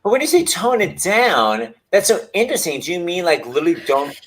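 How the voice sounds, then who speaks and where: Excitable host with a lively, high voice. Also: male voice, a little hiss or hum. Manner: excitable, theatrical, interrupts with quick questions. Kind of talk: casual video-call interview. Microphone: video call.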